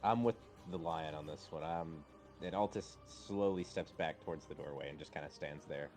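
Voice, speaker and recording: A man's voice: extremely low pitch, normal speed, darkish tone, faint music behind. A man playing a tabletop game, casually describing what his character does. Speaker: player.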